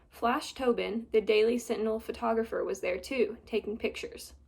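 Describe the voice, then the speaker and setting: Young woman reading a children's story. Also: a little high. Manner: steady, clear storybook reading. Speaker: storybook reader. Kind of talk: children's story read-aloud.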